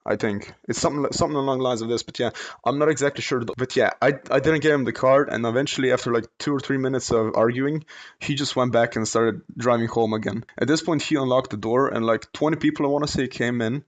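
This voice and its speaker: A man's voice: mid-range voice, fast talker. A young man, telling a story in a casual, rambling way with many fillers and restarts. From Slovenia. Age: late teens. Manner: rambling, lots of fillers and self-corrections, laughs while telling. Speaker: vlogger, storyteller.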